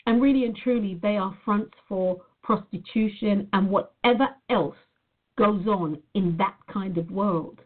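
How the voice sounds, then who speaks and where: A woman from Nevada, USA, delivers an earnest, reflective personal monologue to her viewers, often repeating her phrases. Her medium-pitched voice moves at a measured pace, with narrow, phone-like sound.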